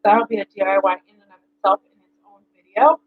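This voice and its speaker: A mom talks casually to her camera, rambling and chatty with plenty of ums. Her voice sits at a middle pitch. The sound is dry and slightly dull, like a basic home camera mic. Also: fast talker, no room sound. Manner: chatty, rambling with many fillers. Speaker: mom vlogger.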